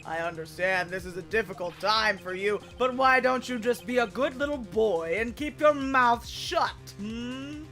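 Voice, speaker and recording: A smug, menacing older police chief, as a woman voices him. He drawls in a slow, condescending way. Faint music sits under the voice. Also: fairly high pitch, a bit bright. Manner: condescending and mocking. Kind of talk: reading game dialogue aloud.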